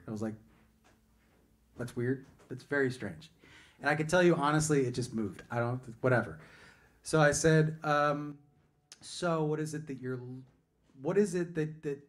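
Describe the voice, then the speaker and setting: A man's voice: mid-range voice, normal speed. Male singer-songwriter, chatty and digressive, live stage banter. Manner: chatty and digressive, self-interrupting, joking. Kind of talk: rambling storytelling between songs. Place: music venue stage.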